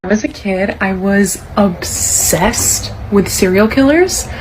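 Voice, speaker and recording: Deadpan woman telling a story, noisy background under her. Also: mid-range voice, slow.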